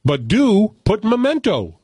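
A man's voice: high voice, a little slow, husky, no echo. Man telling a movie plot, dry studio sound. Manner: animated storyteller, laughs often. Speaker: radio show host reviewing movies. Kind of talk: casual chat.

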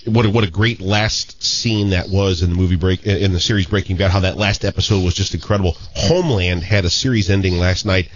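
A man's voice: sits low, fairly quick, hardly any pauses, dull audio. A man co-hosting a radio show, chatting casually and with enthusiasm.

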